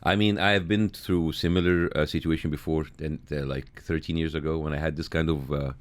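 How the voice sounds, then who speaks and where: A man with an Egyptian accent, a comedian guest on a radio show, telling animated self-mocking stories with frequent restarts. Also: rumbling low, a little fast. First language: Arabic. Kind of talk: radio studio interview. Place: radio studio.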